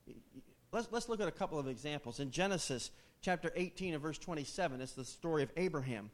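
A male preacher delivering a sermon in a lively, conversational manner, often turning to his listeners with questions. His voice sits a little high for a man, and he swings between emphatic bursts and quieter asides. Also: fast.

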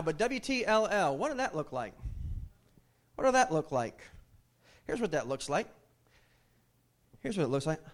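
A man with a notably high-pitched voice delivers a sermon to his congregation. He preaches emphatically, repeating phrases and asking the listeners questions. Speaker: pastor.

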